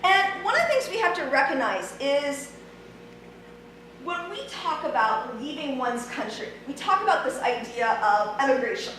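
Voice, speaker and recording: A woman's voice: high voice, lively intonation, moderate pace, fairly bright tone. A woman from Ohio giving a friendly, conversational history lecture with many ums. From Ohio, USA. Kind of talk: public lecture. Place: large church hall. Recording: very echoey hall, distant mic, faint noise.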